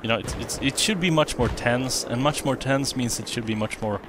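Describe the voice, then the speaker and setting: A man chatting his way through a shooter game, rambling and correcting himself mid-thought. His voice sits at an everyday middle pitch. Loud gunfire and engine noise from the game play clearly under him. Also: moderate pace. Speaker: let's play commentator. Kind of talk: casual gameplay commentary. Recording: game audio behind voice, gunfire and vehicles. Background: game gunfire and explosions.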